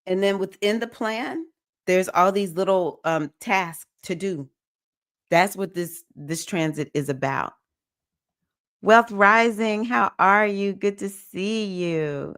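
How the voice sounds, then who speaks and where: A woman's voice: mid-range voice, slow, fairly bright tone, smooth, dry recording, studio quality. A woman hosting a casual livestream, chatty and emotional as she greets viewers by name and talks through the week's astrology. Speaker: livestream host, astrology reader.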